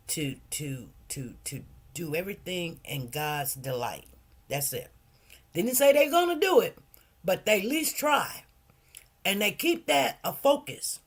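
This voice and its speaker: A woman's voice: a little high, breathy edge. A middle-aged woman hosting a casual livestream, telling stories and preaching in an emphatic, heartfelt way. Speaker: livestream host.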